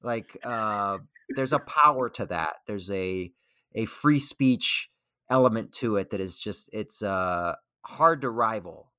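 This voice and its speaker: Thoughtful, measured man. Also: on the low side, animated, sharp tone, clear, resonant tone, no echo, studio quality. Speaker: guest comedian and military veteran. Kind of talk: casual interview.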